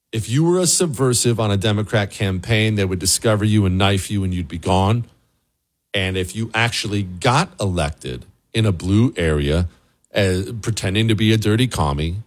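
A man hosting a political talk show, delivering a sarcastic commentary monologue and answering viewer questions. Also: lowish voice.

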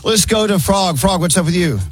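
A man's voice: sits high, lively intonation, brisk. Joking male radio host over music. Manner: teasing, jokey, calls on each co-host. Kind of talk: morning radio banter.

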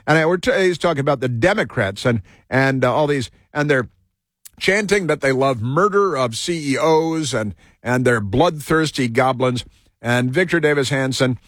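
Dry, halting male talk show host. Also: medium pitch, expressive, fairly bright tone, no echo. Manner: halting, full of fillers and restarts. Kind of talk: rambling political talk monologue.

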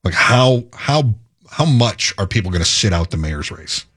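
Husky man musing on talk radio. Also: on the low side, very animated, fairly bright tone. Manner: musing, halting restarts. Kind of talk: casual political chat.

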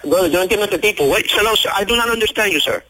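A man's voice: high-pitched, lively intonation, rapid-fire, pushed and bright, breathy edge, heavily acted, rough recording. A man doing a hot-headed cook. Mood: irritated. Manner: brusque, mixes Spanish curses into English. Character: hot-tempered male Puerto Rican restaurant worker. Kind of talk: radio prank call.

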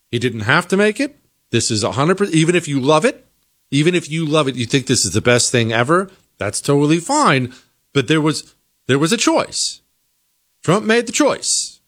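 A man from the United States hosting an opinionated political talk show, emphatic and animated, sometimes mimicking other people. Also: a little high. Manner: emphatic, animated, mocking imitations.

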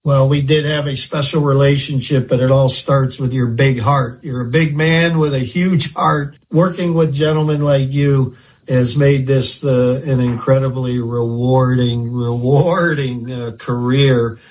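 A man interviewing his guest in a measured way, praising him and reciting his season statistics. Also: mid-range voice, fairly even intonation, darkish tone. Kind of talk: conversational interview.

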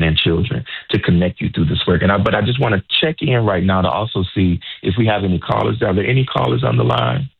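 A man's voice: on the low side, creaky, husky. A man hosting a health-focused radio call-in show, enthusiastic and encouraging, often repeating himself as he speaks. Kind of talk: casual radio talk. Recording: phone-like narrow sound.

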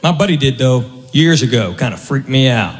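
A man's voice: mid-range voice, lively intonation, moderate pace. A man doing a live stand-up set, folksy and teasing. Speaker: stand-up comedian. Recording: live club with crowd ambience.

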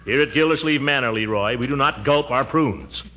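A man's voice: mid-range voice, normal speed, a little hiss or hum, lightly acted. A man playing a pompous, blustering middle-aged uncle in a 1940s radio comedy, on a dull old recording.

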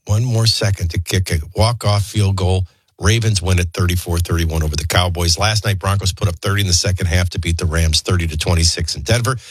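A man hosting a talk show, rambling through childhood anecdotes and a quick sports rundown. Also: low voice, steady tone, husky, no echo. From New Orleans area. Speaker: talk radio host. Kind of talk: casual storytelling and sports rundown.

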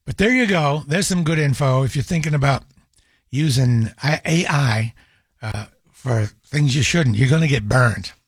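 A man's voice: medium pitch, moderate pace, breathy edge, no room sound, clean studio sound. A middle-aged man hosting a call-in radio show, talking casually with many fillers and restarts, and firing off exasperated rhetorical questions. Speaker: radio talk show host.

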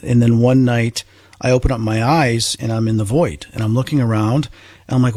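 Husky male host, dry sound. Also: mid-range voice, steady tone, normal speed, darkish tone, dry recording. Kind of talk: casual interview chat.

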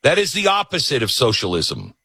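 Animated, sharp-voiced radio host ranting. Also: male voice, mid-range voice, a little fast, breathy edge, no room sound. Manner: animated, sarcastic, mocks others in put-on voices. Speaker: radio talk show host. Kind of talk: ranting political monologue. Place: broadcast studio. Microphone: studio microphone.

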